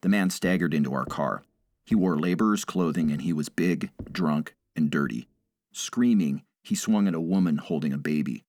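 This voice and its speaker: A man reading a first-person story aloud in a measured, dramatic way. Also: extremely low pitch, a little mellow, no room sound. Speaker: narrator.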